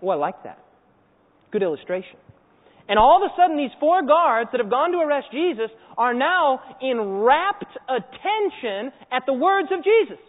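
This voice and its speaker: Male preacher, high bright voice, animated storyteller, phone-quality audio with long hall reverb. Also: normal speed, few pauses. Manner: animated storytelling, acts out scenes and quizzes the audience. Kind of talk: sermon. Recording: echoey hall over a tinny phone-like line.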